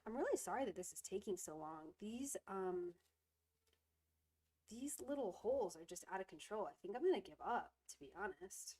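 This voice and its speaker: Woman host, casual home craft stream, giggly and apologetic chatter, sniffly nose, mid pitch. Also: animated, moderate pace, a little mellow. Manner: high coaxing voice when soothing her cat. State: stuffy runny nose. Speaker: resin jewelry streamer. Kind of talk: casual live-stream chat.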